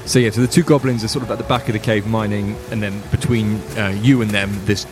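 A man's voice: fairly low pitch, steady tone, fast. A man running a tabletop game, laid-back and swearing freely. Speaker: game master. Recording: loud background noise.

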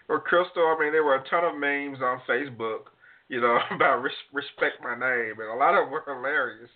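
A man's voice: medium pitch, normal speed. A man hosting a casual panel talk, laughing often and prompting his co-hosts with questions. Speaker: host. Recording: phone-like lo-fi audio.

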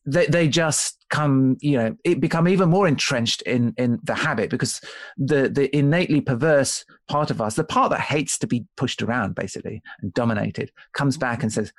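A man's voice: mid-range voice, brisk, no echo. A man being interviewed as an author on a podcast, explaining ideas thoughtfully with frequent restarts and checking in with "right?". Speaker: author and guest.

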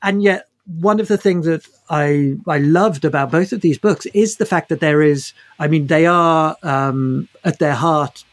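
A man interviews novelists, hedging his questions with fillers and restarting his sentences. His voice sits a bit high for a man. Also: unhurried, hardly any pauses. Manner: hesitant, full of fillers and restarts. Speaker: interviewer host. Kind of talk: book interview.

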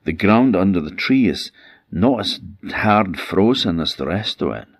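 A man voicing a panicky old Scottish farm wife, raising his voice high and shrill for her in a folktale telling. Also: animated, measured pace, breathy edge, no room sound, clean studio sound, exaggerated voice. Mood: scheming.

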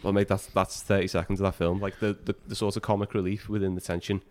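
Man, very low voice, film podcast co-host, animated, swears. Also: fast talker, slight background noise. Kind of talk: casual film discussion.

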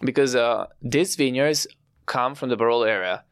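A young Italian man with an Italian accent, explaining his family's winemaking with pride and frequent pauses. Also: mid-range voice, clear, resonant tone, no room sound, clean studio sound. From Italy. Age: young adult. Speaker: winemaker guest. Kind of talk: podcast interview.

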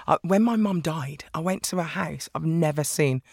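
A woman talking as a guest in a podcast interview, lively and chatty, often breaking into laughs. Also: sits low, normal speed, gravelly, breathy edge, no echo, clean studio sound. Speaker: guest author. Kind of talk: casual interview chat.

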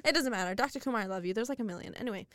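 A young woman co-hosting a podcast races along in a high-sided voice, recorded clean in a studio with no echo. She chats casually and tells animated stories, giggling often.

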